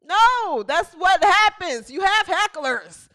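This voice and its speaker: A woman's voice: very high voice, animated, slow, pushed and bright, dry recording, studio quality. A woman hosting a comedy sports show, ranting sarcastically with mocking repetition. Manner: sarcastic, mocking, repeats lines for effect. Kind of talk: comedic sports commentary rant.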